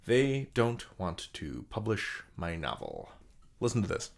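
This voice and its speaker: A man's voice: on the low side, very animated, slow pace, vocal fry. A man teaching a vocabulary lesson in a playful, jokey, theatrical scripted style.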